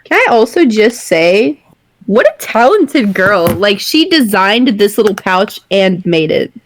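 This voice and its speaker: A woman's voice: medium pitch, sing-song, a little slow, a little hiss or hum. A woman hosting a casual book discussion, reading out comments and laughing often. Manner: giggly, reads out listener comments. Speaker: host of a book discussion group.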